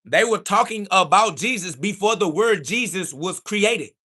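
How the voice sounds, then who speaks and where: A man speaking hosts a livestream and answers chat in a combative, preachy monologue, insulting his critics over and over and now and then rising to a shout. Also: high voice, lively intonation, unhurried, slightly rough. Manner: rises to shouting when heated.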